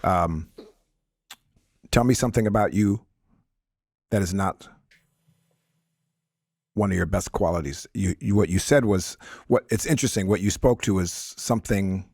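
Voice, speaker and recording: A man co-hosting a podcast who asks probing questions in an animated way and murmurs agreement often. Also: deep voice, moderate pace, vocal fry, long pauses, husky, no room sound, clean studio sound. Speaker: podcast co-host. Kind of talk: interview questioning.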